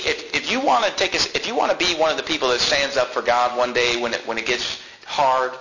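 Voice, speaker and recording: A man preaching a sermon, acting out the voices of the people in the story he tells and building up to shouts. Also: on the high side. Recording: echoey room with clear background noise.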